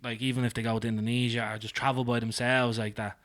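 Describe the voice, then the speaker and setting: A man's voice: mid-range voice, little pitch movement, fast talker, a crowd in the background. A man with an Irish accent co-hosting a podcast, chatting casually and padding his talk with "like". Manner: chatty, filler-heavy, lots of "like". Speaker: podcast co-host. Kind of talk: casual chat.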